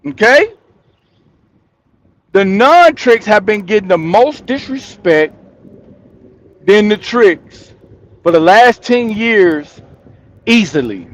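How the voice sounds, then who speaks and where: On his own channel, a man with a high voice delivers laid-back opinion commentary at a slow pace with long pauses and lively intonation. He keeps restating each point to hammer it in, chuckling between thoughts as he addresses his viewers.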